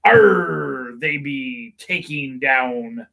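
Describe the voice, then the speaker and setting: A growling, drawn-out pirate voice, bright and edgy in tone, as a man puts it on. It is hammed up in the manner of a local sports show. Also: medium pitch, lively intonation, vocal fry, heavily acted. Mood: gloating. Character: growling pirate voice for a rival team.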